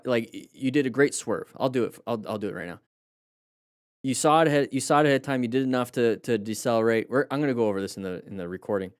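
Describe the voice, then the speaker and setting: In a dry, studio-quality recording, a medium-pitched man offers chatty, rambling remarks on motorcycle crash clips during a live stream. He restarts sentences frequently and leans on fillers. Along the way he coaches, praises and jokes with the chat.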